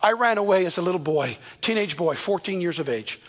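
A man in his fifties preaches to his congregation, his voice sitting fairly high with a husky edge. He tells stories earnestly, speeding through some stretches and slowing to lean on key words. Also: animated. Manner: earnest storytelling preacher, shifts between quick and slow emphatic delivery. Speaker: pastor. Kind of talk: sermon. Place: church.

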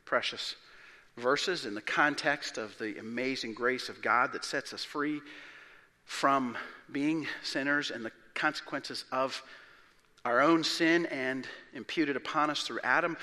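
A man preaching an expository sermon as pastor, emphatic, rising to loud declarations and dropping to hushed low asides. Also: a little slow, in a large hall.

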